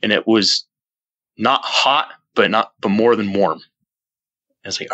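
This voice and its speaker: A man telling a personal story as a podcast guest, earnest and rambling, with many restarts, jumping up in pitch when he acts out his own past lines. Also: unhurried, pauses often, pushed and bright, no echo, poor audio. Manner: earnest, rambling retelling with frequent restarts and fillers. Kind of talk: casual storytelling in an interview.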